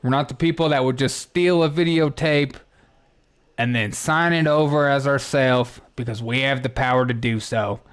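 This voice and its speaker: A man's voice: medium pitch, fairly even intonation, normal speed, smooth, lightly acted. A man voicing an overly polite male video store clerk who leaves a rambling, fake-earnest prank voicemail. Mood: mock-polite.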